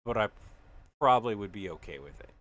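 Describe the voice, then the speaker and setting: Man streamer, casual rambling chat, bright tense tone, slightly low voice. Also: lively intonation, quick pace. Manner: rambling and jokey, with frequent fillers.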